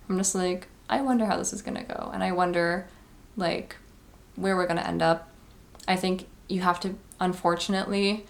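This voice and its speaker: A woman's voice: on the low side, gravelly. A woman, talking casually and earnestly in a confessional vlog, full of "like" and advice. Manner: chatty, heavy use of "like", earnest advice-giving. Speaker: vlogger.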